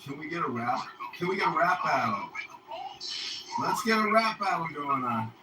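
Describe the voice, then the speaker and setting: A man's voice: a little high, lively intonation, moderate pace, echoey room, far from the mic, very noisy. A man in an online voice chat, rambling through profane opinions.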